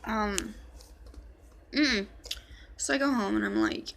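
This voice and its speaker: A woman's voice: medium pitch, huge pitch swings, takes it slowly, long pauses, a bit bright, a little hiss or hum. A woman telling a personal story in a casual vlog, blunt and swearing freely as she quotes others. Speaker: vlogger.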